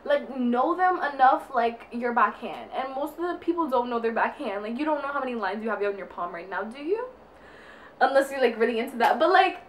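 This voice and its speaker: A woman's voice: high voice, a little hiss or hum. A young adult woman chatting casually at home while getting ready, earnest and rambling, with lots of "like". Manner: earnest, rambling, heavy use of "like". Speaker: beauty vlogger. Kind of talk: casual get-ready-with-me chat.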